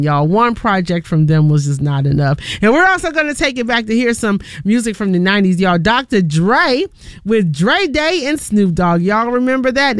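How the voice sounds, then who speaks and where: A woman's voice: mid-range voice, smooth, no room sound, studio quality. A woman hosting a late-night radio music show, chatting upbeat between songs and talking straight to her listeners. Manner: chatty, upbeat, keeps calling listeners "y'all".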